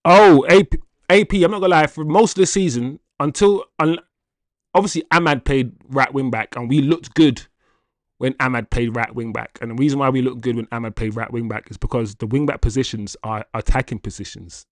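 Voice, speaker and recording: Male livestream host, casual and animated, addresses chat directly, dry sound. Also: mid-range voice, brisk, no room sound. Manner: animated and chatty, laughs often, addresses chat as guys. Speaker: football channel livestream host. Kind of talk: casual livestream chat reading viewer comments.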